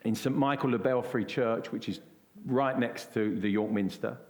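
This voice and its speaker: A middle-aged man from England telling a story at a church event, animated and acting out what others said. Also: mid-range voice, moderate pace. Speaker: guest. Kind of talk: conversational storytelling.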